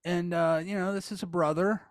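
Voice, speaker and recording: Rambling, laughing man, a bit high. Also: steady tone, fairly quick, no room sound, studio quality. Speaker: podcast co-host. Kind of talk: casual chat.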